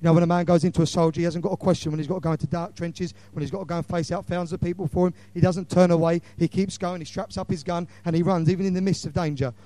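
Impassioned male preacher, mellow voice. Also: high voice, level tone, very fast, hardly any pauses, no room sound. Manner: impassioned, swings between loud and hushed. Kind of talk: evangelistic sermon.

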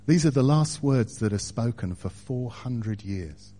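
Male preacher, unhurried sermon delivery, mid-pitched voice, rises in volume for emphasis. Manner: slow, deliberate preaching that swells louder for emphasis.

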